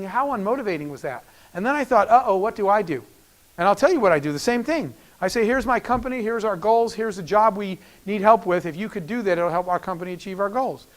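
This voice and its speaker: A middle-aged man giving a storytelling business talk, acting out the dialogue he quotes. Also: high voice. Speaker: keynote speaker.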